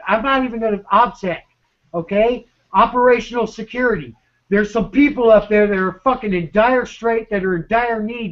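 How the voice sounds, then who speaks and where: Guy going off in a voice chat, voice way up high, swearing and repeating himself, muffled lo-fi sound. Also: a bit bright. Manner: profane, urgent, repetitive, stammering. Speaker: speaker in an online voice chat. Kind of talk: agitated rant.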